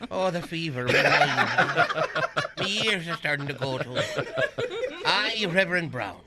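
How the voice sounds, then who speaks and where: A man's voice: fairly high pitch, animated, slow. A man acting a dying old Irishman in a comedy radio skit, with a put-on Irish accent and theatrical groans. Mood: melodramatic. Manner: theatrical groaning, breaks into laughter. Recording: noisy old radio broadcast recording.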